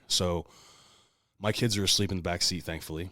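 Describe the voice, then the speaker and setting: A man's voice: deep voice, fairly even intonation, fairly quick, bright, forceful tone, dry recording, studio quality. A man co-hosting a podcast, telling a long story in casual, profane, heated talk. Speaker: podcast co-host.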